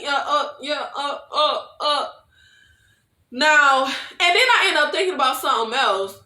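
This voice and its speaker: A woman giving a casual, animated TV recap, slangy and laughing often. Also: high-pitched, moderate pace, reverberant. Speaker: show recap reviewer.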